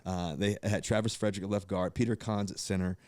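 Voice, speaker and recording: Guy in his 30s telling stories on a podcast, lowish voice, dry close sound, lots of restarts. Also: fast talker, no echo. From Virginia, USA. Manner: animated, acts out quoted voices, many fillers and restarts. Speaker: guest, pro football quarterback. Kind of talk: storytelling in casual podcast chat.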